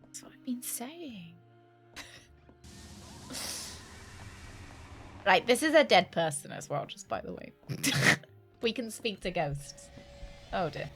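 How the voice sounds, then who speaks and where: British woman streamer, playful and teasing, mid-pitched voice, faint music underneath, casual game-stream chatter. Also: very animated, slow pace, pauses often, a bit bright. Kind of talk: casual let's-play chat.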